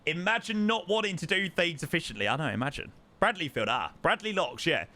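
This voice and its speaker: A man's voice: fairly high pitch, lively intonation, a little fast, sharp tone. A young man chatting casually to his live-stream chat while flying a simulator, repeating words for emphasis. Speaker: livestreamer.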